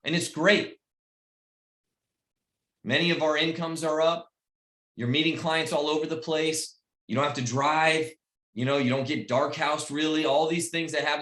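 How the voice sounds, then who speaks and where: A middle-aged man giving a motivational speech to his team on a video call, emphatic and repetitive, swinging between loud pep talk and quiet personal stories. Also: fairly high pitch, echoey room. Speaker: team leader addressing his recruits.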